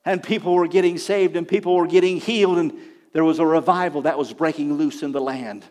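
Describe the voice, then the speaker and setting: A male preacher telling a story in a sermon, building to loud emphatic peaks and often repeating "he says". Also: fairly high pitch, fairly even intonation, brisk. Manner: dramatic retelling, rising to loud emphatic peaks; frequent repetition of "he says".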